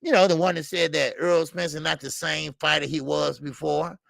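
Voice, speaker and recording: A man hosting a casual boxing talk stream, animated and profane, rambling through stories, laughing and answering the chat. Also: on the high side, moderate pace, creaky, dry recording, clean studio sound. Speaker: boxing talk show host. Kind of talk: casual live-stream commentary.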